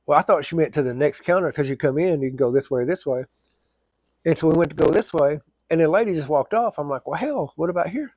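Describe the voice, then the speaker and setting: A man's voice: fairly high pitch, fast talker, darkish tone, no room sound. A man telling a casual, rambling story, full of fillers and restarts.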